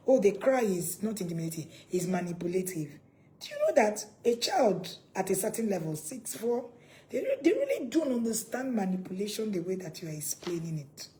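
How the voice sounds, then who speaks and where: A woman's voice: mid-range voice, dark tone, low-quality recording. A woman giving a live parenting talk, emphatic and repeating her questions to viewers. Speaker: parenting coach.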